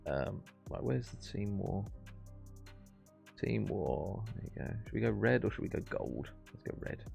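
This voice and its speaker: A man's voice: fairly low pitch, very animated, unhurried, creaky, darkish tone, soft background music. A man hosting a live esports stream, casting casually with laid-back, jokey chatter. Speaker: esports caster and stream host. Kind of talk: relaxed live casting and banter.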